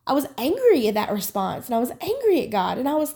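A woman hosts a faith podcast and teaches in an earnest, rambling way, often restarting her sentences. Her voice sits fairly high and has a gravelly fry running through it. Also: wildly swooping pitch, fast talker, few pauses, warm tone. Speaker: podcast host.

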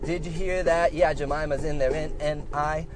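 A man's voice: on the high side, steady tone, normal speed. A father rapping a jokey, self-mocking freestyle. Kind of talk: comic freestyle rap.

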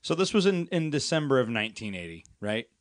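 A man's voice: medium pitch, sing-song, fast talker. A man co-hosting a podcast in casual, rambling chat with restarts and laughs. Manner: rambling, many restarts, laughs while talking. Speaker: podcast co-host.

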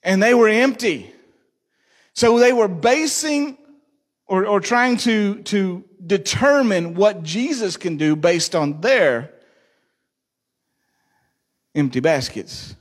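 A man's voice: sits high, lively intonation, slow pace, pauses often. A male pastor preaching a sermon, joking and asking the congregation questions. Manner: jokey, asks the congregation questions.

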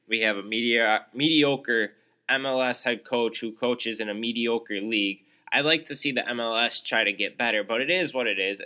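A young adult man hosts his own podcast alone, ranting in an exasperated, sarcastic manner with many fillers and restarts. His voice is medium-pitched with a sharp tone.

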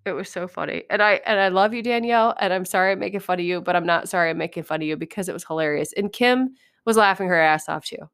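A woman's voice: lowish voice, fast, fairly bright tone, smooth. A middle-aged woman hosting a podcast, telling a funny story in casual chat, swearing freely and laughing often. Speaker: podcast host.

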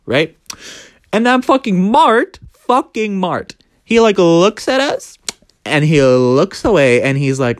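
A young man telling a story in a casual vlog, animated and dramatic, with plenty of swearing. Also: sits high, measured pace, no echo, studio quality. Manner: animated, dramatic, profane, gossipy. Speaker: vlogger.

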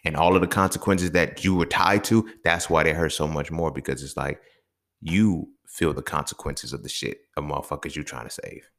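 Deep-voiced man ranting on a podcast. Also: steady tone, moderate pace, gravelly, a bit bright. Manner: blunt and profane, often rising into emphatic rants; keeps checking in with the listener. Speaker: podcast host. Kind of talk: unscripted solo podcast monologue.

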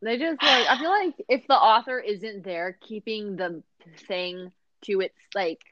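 A woman's voice: medium pitch, unhurried, no echo. A woman in casual chat about a movie, giving wry, giggly commentary. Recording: dull, slightly lo-fi sound.

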